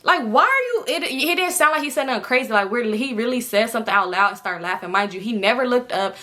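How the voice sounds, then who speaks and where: Bright-voiced woman telling a wild story. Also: fast. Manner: animated, jumps high in pitch when acting out others; swears freely, talks straight to viewers. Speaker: storytime vlogger. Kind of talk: casual storytelling to camera.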